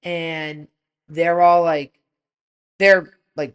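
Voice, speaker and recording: A woman in her forties, a podcast co-host, telling an animated story in casual chat and swearing freely. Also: on the low side, slow, smooth.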